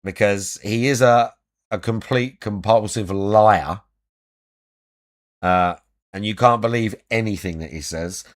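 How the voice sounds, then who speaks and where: Slow, sarcastic commentator man. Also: fairly low pitch. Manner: crude, sarcastic, laughs often, trails off into restarts. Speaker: online commentator. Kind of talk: casual mocking commentary.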